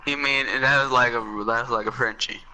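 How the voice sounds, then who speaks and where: A man playing an online shooter alongside a friend, chiming in with quick reactive comments. His voice is very bright and sharp at an ordinary pitch, over faint background noise. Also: steady tone, poor audio. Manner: short reactive remarks. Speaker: gaming friend. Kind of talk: casual gameplay chat.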